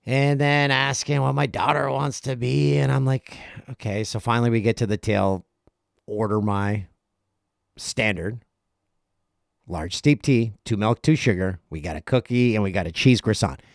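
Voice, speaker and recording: A middle-aged man with a gravelly edge hosts his podcast, telling a casual story and popping into quick voices for the people in it. His voice sits at an ordinary pitch, and the recording is dry and close. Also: dry recording. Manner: animated, acts out other people's lines in quick asides. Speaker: podcast host.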